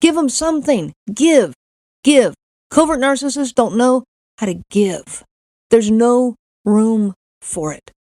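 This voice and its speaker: Slow, expressive, and warm in tone, this middle-aged woman's voice sits on the high side as she hosts a podcast. She tells a personal story earnestly, often repeating words and acting out what others said. The recording is dry with clean studio sound.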